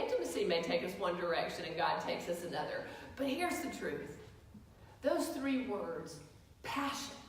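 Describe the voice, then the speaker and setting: A female pastor with a slightly high, somewhat bright voice delivers a sermon full of stories and questions for her congregation. She's captured from far off in the echoing church sanctuary.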